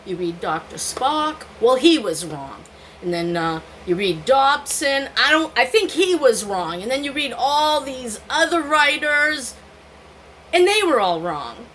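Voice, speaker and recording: A woman's voice: a little high, very animated, takes it slowly, a bit bright, slight background noise, low-quality recording. An older woman vlogging, telling candid stories from her own life and often laughing at herself. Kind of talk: personal storytelling to camera.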